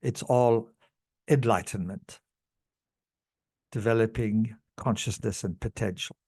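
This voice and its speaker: A man telling a personal story to camera in a halting way, with many pauses and restarts, moved as he speaks. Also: fairly low pitch, a little mellow, husky. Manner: slow, halting, with many fillers and restarts, growing emotional. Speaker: channel host telling a past-life story.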